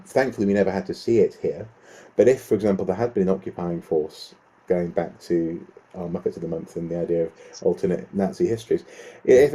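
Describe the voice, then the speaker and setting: Deep, dark, husky podcast man. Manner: chatty, joking, with fillers. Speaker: podcast co-host. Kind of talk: casual discussion.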